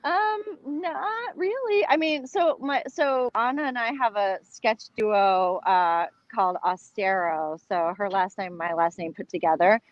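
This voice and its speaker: A woman's voice: medium pitch, a little slow, few pauses, no echo. Chatty woman on a dull line. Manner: chatty, laughs often, many fillers. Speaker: guest, comedian and actor. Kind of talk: casual chat over a video call.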